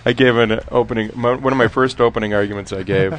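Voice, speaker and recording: A man telling courtroom stories in a casual chat, laughing often and trailing off into quieter asides. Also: medium pitch, steady tone, quick pace. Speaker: former defense lawyer telling stories.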